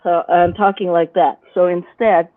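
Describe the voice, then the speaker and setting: A woman appears as a guest instructor on a live stream, explaining her points by demonstrating them with her own voice. She speaks at normal speed in a lowish, steady voice over a dry, phone-like line.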